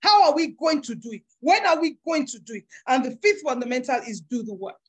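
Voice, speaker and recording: A woman giving a motivational business workshop in a forceful, preacher-like way, acting out little voices. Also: high-pitched, sing-song, brisk, slightly rough. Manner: emphatic, preacher-like, acts out voices with big swings.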